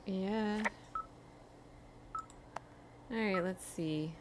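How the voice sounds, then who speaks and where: A young woman hosts a let's play, chatting casually and thinking aloud as she plays. Her voice sits in a middle pitch. Clicks and steady noise run behind her. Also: drawn-out words. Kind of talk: casual gameplay commentary.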